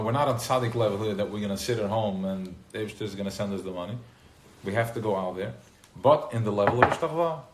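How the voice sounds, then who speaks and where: A man giving an informal live class to a small group, who gets worked up and loud, then drops into quiet asides. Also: fairly low pitch. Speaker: teacher of a class. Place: room with a small live audience. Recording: roomy live recording with faint noise.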